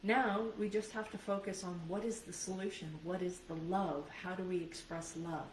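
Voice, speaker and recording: Her voice lowish and steady at a normal pace, a life and business coach delivers a live video training earnestly and conversationally. She checks in with listeners often, while a distant microphone adds roominess and a faint background hum.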